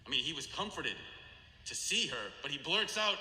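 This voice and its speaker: A man preaching as a rabbi, his voice sharp and bright and a little high. He tells his stories like a dramatic storyteller, slowing down and sinking low for solemn moments. The sound rings with long reverb through a large hall. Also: expressive. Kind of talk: sermon storytelling.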